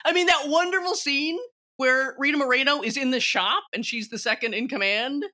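A woman with a bright, forward voice talks about films in a relaxed conversation. She is opinionated and animated, laughing often as she makes her case. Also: high-pitched, moderate pace. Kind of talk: casual film discussion.

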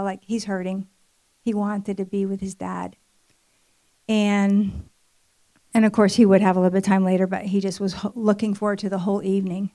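A middle-aged woman gives a personal testimony at a church marriage event. She talks in a loose, conversational way, with lots of fillers and restarts. Her voice sits at an ordinary middle pitch. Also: mellow. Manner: conversational storytelling with many fillers. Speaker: speaker at marriage ministry event.

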